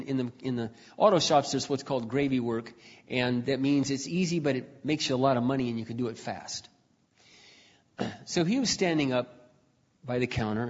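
A man preaching a personal testimony in a conversational storytelling way, often clearing his throat, recorded dull in a reverberant hall. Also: medium pitch.

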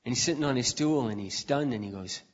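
Throat-clearing man preaching in a hall. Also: mid-range voice, fast. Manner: conversational storytelling, frequent throat clearing. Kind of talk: sermon testimony storytelling. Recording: dull recording in a reverberant hall.

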